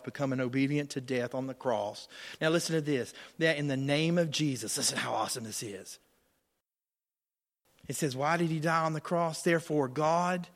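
A man preaching a sermon as a pastor, passionate, swinging between loud declarations and quiet asides. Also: on the high side. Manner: passionate preaching, rising and falling in volume, quick asides. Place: church sanctuary.

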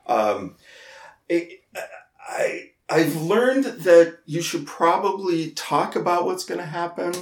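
A man co-hosting a podcast, telling a story in casual chat, halting and repeating words, laughing at himself. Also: on the high side, animated, echoey room. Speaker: podcast co-host.

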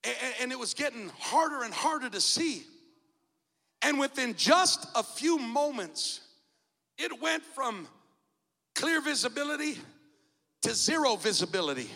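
High-pitched, dramatic male preacher in a church. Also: sing-song, a little slow, vocal fry, pauses often. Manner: dramatic, shouts out key phrases. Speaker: bishop preaching. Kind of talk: sermon with personal storytelling. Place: church sanctuary. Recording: long church reverb.

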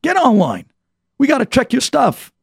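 A man's voice: extremely high pitch, huge pitch swings, moderate pace, creaky, slightly rough, no room sound, studio quality, pitched above the performer's own voice, heavily acted. A man voicing a blunt armed security guard who orders people around. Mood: brusque. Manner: brusque, ordering.

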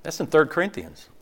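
A man's voice: sits high, a bit bright, husky. A pastor preaching a conversational sermon, acting out quoted voices as he goes.

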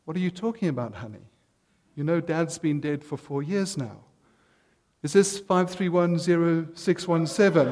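A man voicing a kind older mother calmly reassuring her daughter in a joke. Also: on the high side, moderate pace, natural voice. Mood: puzzled. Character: kindly older mother, soothing and capable.

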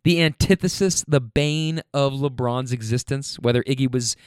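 A man's voice: medium pitch, normal speed, smooth, no room sound, studio quality. A young man hosting a casual podcast, joking and rambling loosely about sports with lots of fillers. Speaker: podcast host.

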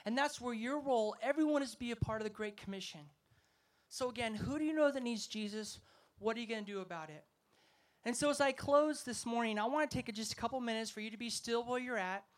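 Talking fast in an extremely high voice, a male evangelist preacher gives a festival sermon. He tells stories with emphasis and works his audience up.

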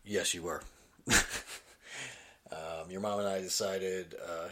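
A man in his thirties hosting a casual podcast chat with his daughter, relaxed, laughing often and pausing with lots of ums. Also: low voice. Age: 30s. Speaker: podcast host and father.

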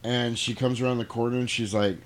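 A man's voice: mid-range voice, little pitch movement, fairly quick. A man co-hosting a podcast, loosely retelling a film plot in casual, profane chat. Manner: loose, profane storytelling with laughs. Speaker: podcast co-host recapping a film.

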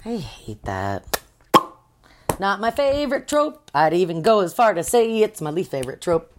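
A woman co-hosting a casual podcast, recapping a book with sarcasm, frequent swearing and quick acted-out quotes. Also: medium pitch, sing-song, background noise. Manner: sarcastic, swears often, acts out characters in quotes. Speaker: podcast co-host.

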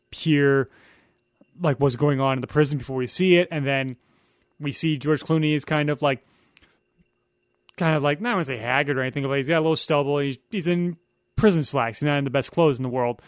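A man's voice: medium pitch, steady tone, fairly quick, clear, resonant tone, no room sound, studio quality. A young man talking as a guest on a casual film podcast, explaining editing in an analytical way with many fillers.

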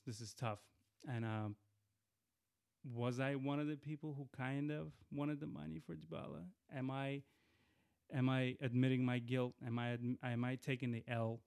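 A man hosting his podcast alone, chatting loosely about the show and giving shout-outs, often restarting his sentences. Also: medium pitch, smooth. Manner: chatty, rambling with frequent restarts. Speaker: podcast host. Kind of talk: casual solo podcast intro.

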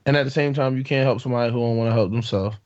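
A man's voice: medium pitch, racing, a little mellow, dull audio. A man co-hosting a podcast in casual chat, quizzing the others with hypotheticals. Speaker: podcast co-host.

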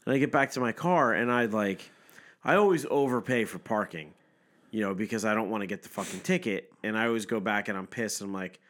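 A man's voice: lowish voice, a little fast. Profane, easygoing male podcast co-host. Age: adult, parent. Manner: profane, animated storytelling with voiced impressions. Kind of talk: casual chat.

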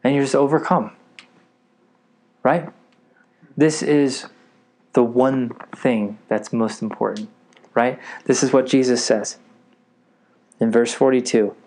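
An eager man preaching a sermon to a gathered group. He keeps pausing to ask whether his listeners are with him. His voice sits at an ordinary male pitch. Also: steady tone, a little mellow. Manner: eager, keeps checking in with the audience.

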